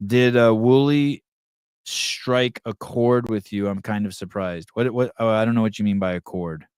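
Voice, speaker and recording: A man hosting a live podcast, chatting casually and reading the chat aloud, rambling and swearing as he thinks out loud. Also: on the low side, normal speed, clean tone, no echo, clean studio sound.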